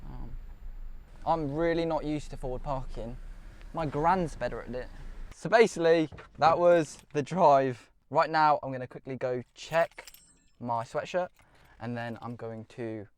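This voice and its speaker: A man's voice: mid-range voice, unhurried. A young man vlogging casually from his car, chatty and swearing freely as he talks to his viewers. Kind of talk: casual vlog while driving. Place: inside a car. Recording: clear car and road noise. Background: car and road noise.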